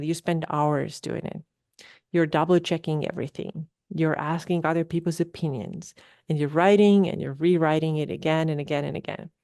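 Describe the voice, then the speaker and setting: Woman host coaching in a lower voice. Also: darkish tone, no room sound, studio quality. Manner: coaching, repeats "right?" often. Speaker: podcast host. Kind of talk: solo podcast talk.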